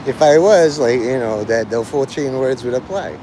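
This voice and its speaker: A man's voice: medium pitch, expressive, normal speed, background noise. A man chatting crudely and sardonically on a rambling live stream.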